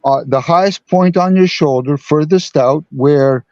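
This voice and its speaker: A man calling in to a talk show, explaining earnestly with halting restarts. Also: fairly high pitch, darkish tone, no room sound, dull audio. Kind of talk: casual call-in talk.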